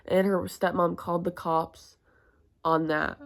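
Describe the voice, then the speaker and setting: A woman's voice: fairly low pitch, level tone, a little slow, creaky. A young woman telling stories in a casual, crude and self-mocking way, full of fillers. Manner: chatty, crude and self-mocking, heavy use of "like". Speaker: vlogger. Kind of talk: casual storytime.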